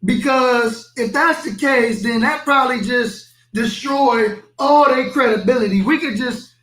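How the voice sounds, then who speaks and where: A man's voice: extremely high pitch, measured pace, a bit bright. A man hosting a live reaction stream, talking to viewers in an emphatic, skeptical way. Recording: echoey room.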